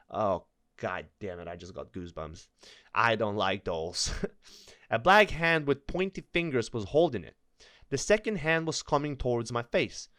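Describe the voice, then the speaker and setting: A man's voice: mid-range voice, no room sound. Nervous man reading stories, dry sound. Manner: nervous, stumbling reader who laughs and breaks in with asides. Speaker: storyteller reading online stories. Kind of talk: reading aloud with joking commentary.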